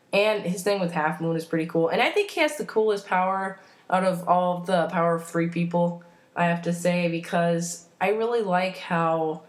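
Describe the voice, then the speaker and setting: A woman rambling enthusiastically in a casual fan vlog, full of fillers and self-corrections. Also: on the low side. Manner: enthusiastic, opinionated. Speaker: vlogger.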